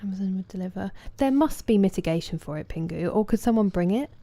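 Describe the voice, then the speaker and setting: A woman's voice: mid-range voice, expressive, fast, mellow. A young woman streaming a game, chatting casually with viewers and greeting them by name. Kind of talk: casual chat with viewers while gaming. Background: game music.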